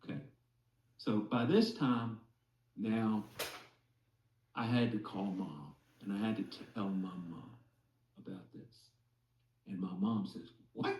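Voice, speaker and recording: Guy telling a long story real slow, mellow voice, echoey room, kinda far from the mic. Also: on the low side. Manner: slow, deliberate, many "okay?" asides. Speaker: speaker telling a conversion story to a group.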